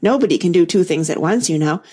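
A woman voicing a flustered, scatterbrained old queen who frets and wrings her hands, her voice rising toward a squeak. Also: lively intonation, fast, dark tone, breathy edge. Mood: fretful. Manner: fussy, fretful, rising to a squeak.

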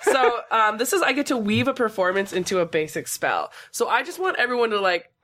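A woman's voice: on the high side, very animated, fairly quick, fairly bright tone. Breezy woman playing a tabletop game. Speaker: player. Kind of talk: casual tabletop play.

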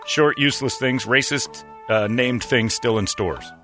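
A man's voice: mid-range voice, measured pace, bright, forceful tone, soft background music. A man hosting a radio quiz game, brash and joking as he reads clues and banters. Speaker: radio show host running a quiz game.

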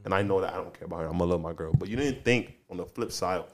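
A man with a slightly low voice talks in a loose group chat. He is animated and slangy, and he acts out the lines of the people in his stories. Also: rapid-fire. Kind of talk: casual chat.

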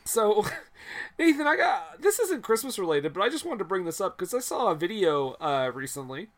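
Canadian dude on a podcast, laughs a lot, swears, lots of um and like. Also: male voice, high voice, big pitch swings, normal speed. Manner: laughs often, swears, many fillers and restarts. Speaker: podcast co-host. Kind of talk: casual chat.

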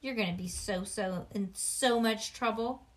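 A woman voicing a bossy, snippy girl of about twelve, loud and whiny, in a storybook read-aloud. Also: unhurried, natural voice. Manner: shrill, loud yelling.

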